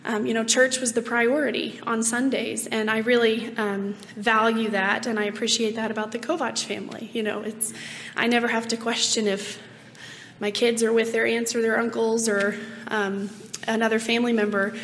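Hoarse woman giving an earnest testimony. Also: on the high side, little pitch movement, moderate pace, fairly bright tone. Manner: earnest and reflective, with frequent ums and light laughs. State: hoarse, rough-voiced. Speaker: speaker giving a personal testimony. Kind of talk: personal faith testimony. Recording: long reverb, faint background noise.

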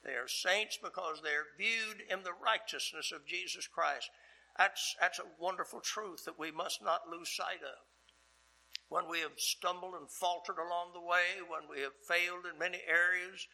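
An older male pastor delivers a sermon in a very bright, slightly high voice. He speaks earnestly, with deliberate pauses between his phrases. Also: creaky, rough recording.

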